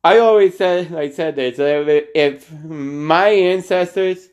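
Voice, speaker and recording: A man co-hosting a casual podcast, speaking slowly with constant "like" and "uh" fillers. He stumbles through a news story and restarts his thoughts often. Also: on the high side. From United States. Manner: halting, heavy on fillers like "like" and "uh". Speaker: podcast co-host. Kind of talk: casual chat, reading a news story aloud.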